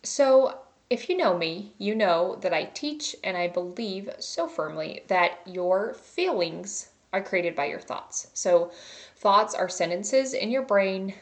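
A woman's voice: mid-range voice, animated, slow pace. A young adult woman hosting her own podcast as a life coach, talking in an upbeat, chatty way and often saying "like" and "you guys". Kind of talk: casual podcast monologue.

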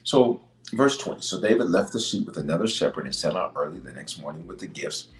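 Man, bishop preaching, emphatic, repeats key lines, very lively pitch, echoey room. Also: brisk. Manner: emphatic, repeats key lines, swings between loud bursts and low asides. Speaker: bishop and podcast host. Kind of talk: preaching on leadership from scripture.

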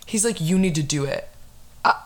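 Young woman telling a lively, swearing story. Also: sits low, normal speed. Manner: animated storytelling, lots of swearing and fillers. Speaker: podcast host. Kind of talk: casual podcast chat.

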